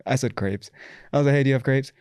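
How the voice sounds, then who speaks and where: A man's voice: medium pitch, fast, a little mellow, smooth, no echo, studio quality. An American man with a Southern accent, a DJ guest on a podcast, chatting enthusiastically and easily amazed. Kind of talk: casual podcast chat.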